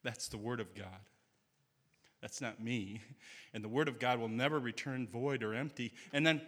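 A man's voice: mid-range voice, sharp tone, in a large hall. A man preaching a sermon in a church sanctuary, earnest and telling stories with quoted dialogue.

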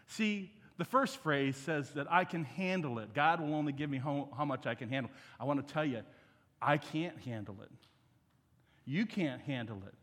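A man's voice: fairly high pitch, normal speed, a bit bright. A middle-aged man preaching a sermon as guest speaker, emphatic and calling the congregation to repeat after him. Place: church sanctuary. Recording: church hall reverb.

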